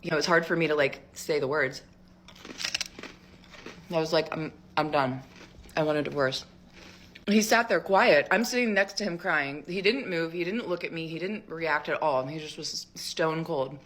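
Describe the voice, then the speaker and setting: A woman's voice: deep voice, normal speed, a bit bright. A woman in her thirties telling her own divorce story in a chatty vlog style, full of fillers.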